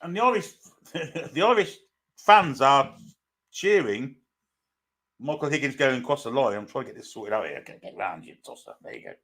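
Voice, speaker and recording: A man's voice: mid-range voice, very animated, normal speed, gravelly, long pauses, fairly bright tone. A man hosting a live stream, chatting through a football match as it unfolds. He greets viewers one by one and reads out their comments in an easy, casual way.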